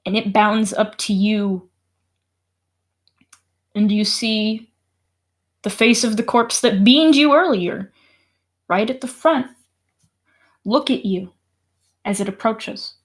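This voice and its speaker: A woman's voice: medium pitch, takes it slowly, pauses often. A woman narrating a horror tabletop game as game master, swearing and laughing often.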